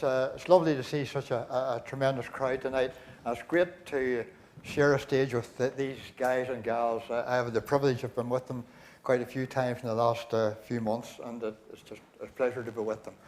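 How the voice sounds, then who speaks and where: An older Northern Irish man compères a concert in a large church, telling jokes through a stage microphone. He chuckles and rambles with many fillers and restarts. His mid-range voice is a little mellow and flat at a moderate pace, with slight background noise.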